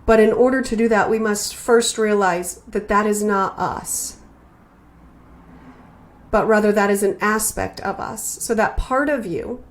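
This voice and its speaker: A woman hosting a spiritual podcast, speaking slowly and earnestly in a heartfelt, reflective way, often repeating her phrases. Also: mid-range voice, steady tone. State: emotional, near tears.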